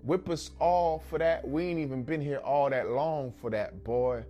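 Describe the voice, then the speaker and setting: A man's voice: on the high side, unhurried, warm tone, soft background music, pitched above the performer's own voice, natural voice. A man in a spoken-word poem voicing a stern mother who scolds and warns a boy sharply. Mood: scolding.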